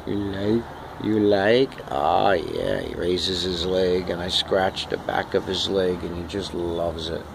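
A man's voice: sits low, flat delivery, a little slow, vocal fry, hardly any pauses, background noise. A man on an outdoor terrace in the rain, filming on a handheld camera and coaxing his cat in sing-song baby talk. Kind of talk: casual home video talking to his cat.

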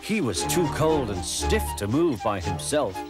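Male storybook narrator: slow, animated, music under. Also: medium pitch. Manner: gentle, expressive storytelling. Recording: narration over music bed.

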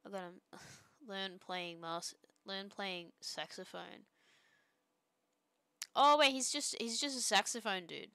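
Bright, crisp young woman chatting. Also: mid-range voice, slow, dry recording. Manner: joking, rambling, with trailing restarts. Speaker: streamer. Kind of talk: casual chat while drawing pixel art.

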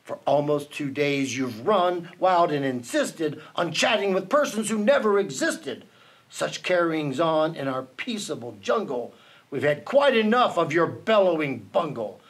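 A man's voice: fairly high pitch, very animated, measured pace, slightly rough, full character voice. A man voicing a big, stern female kangaroo in a storybook read-aloud, snapping disapprovingly. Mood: scolding.

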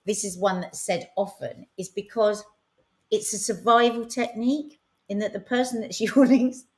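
A woman co-hosting a podcast in casual chat, chatty and quick to laugh, reading out viewer comments. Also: medium pitch, steady tone. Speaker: podcast co-host.

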